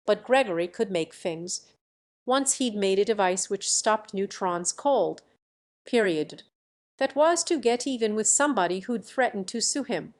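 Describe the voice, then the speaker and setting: A woman narrates a novel in a steady, measured storytelling voice. Her pitch sits in an ordinary middle range for a woman. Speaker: audiobook narrator. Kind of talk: scripted narration.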